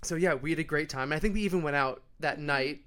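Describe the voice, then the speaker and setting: A man's voice: fairly high pitch, quick pace, fairly bright tone, clean tone. An American man in his twenties, a podcast guest telling a story in an easygoing, joking way. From New York, US. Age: 20s. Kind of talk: casual chat.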